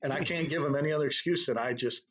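A middle-aged man, a drum corps tour director, telling anecdotes in a relaxed, storytelling way during an interview. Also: fairly high pitch, racing, a little hiss or hum, low-quality recording. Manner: relaxed anecdotal, laughs at own stories.

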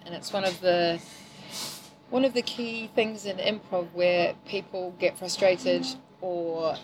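A middle-aged woman from New Zealand with a mixed, softened accent, talking casually and laughing easily as an improv teacher on a podcast. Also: on the low side, steady tone, slow, background noise. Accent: New Zealand, softened by years in England. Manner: chatty, laughing, self-deprecating. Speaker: improv teacher and corporate trainer.

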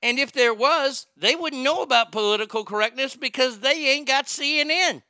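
A man's voice: very high-pitched, normal speed, pushed and bright, smooth, no echo, clean studio sound. A man hosting a call-in show, ranting heatedly with lots of swearing and stammered restarts. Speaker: podcast host.

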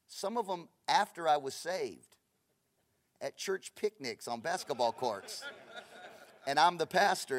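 A middle-aged Los Angeles pastor with a high-pitched voice preaches a passionate sermon built around stories, moving between loud bursts and hushed asides.

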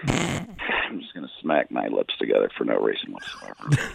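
A mumbling gruff old coach, very low. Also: male voice, moderate pace, full character voice, rough recording. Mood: deadpan mumble. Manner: mumbling, lip-smacking, flat. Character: mumbling gruff older male football coach.

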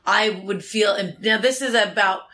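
A woman's voice: medium pitch, normal speed, sharp tone. A woman comedian, a podcast guest, talking candidly in a rambling, crude way. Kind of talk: casual podcast chat.

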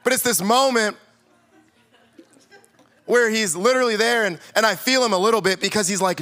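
A man's voice: sits high, a little fast, bright, forceful tone. A man, a youth pastor, preaching a sermon and telling stories with playful acted-out quotes in a church. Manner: storytelling, playfully acts out quotes. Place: church sanctuary.

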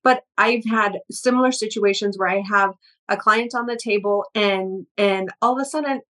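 A woman's voice: mid-range voice, moderate pace, pushed and bright. A woman energy healer, a guest in a casual interview, telling stories in a rambling way with many restarts and repeated words.

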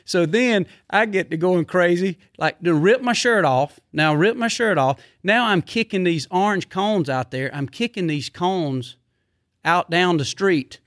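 A man spinning a story for a podcast, lively and excitable as he goes, with a voice that sits a little high for a man. The sound is close and dry, with no room around it. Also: unhurried, no room sound. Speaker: hunting show host, podcast guest. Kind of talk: casual storytelling.

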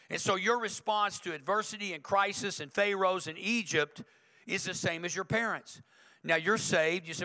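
A man delivers a sermon from a church pulpit, talking with his congregation in an easy, conversational way. His voice sits fairly high for a man and rings bright and forceful. He presses each point by repeating it. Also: normal speed, in a large hall. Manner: conversational, emphatic preaching with repetition. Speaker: pastor. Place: church sanctuary.

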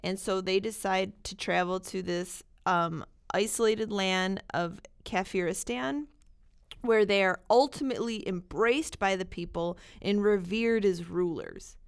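A woman's voice: mid-range voice, measured pace, clean tone. A woman co-hosting a podcast, chatting casually about movies and laughing often. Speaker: podcast co-host.

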